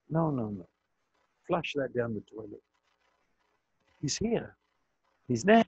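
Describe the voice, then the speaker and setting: Slow gravelly older preacher. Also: male voice, sing-song, darkish tone, no room sound. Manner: slow, emphatic preaching with dramatic pitch swings. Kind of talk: sermon. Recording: muffled audio with buzz.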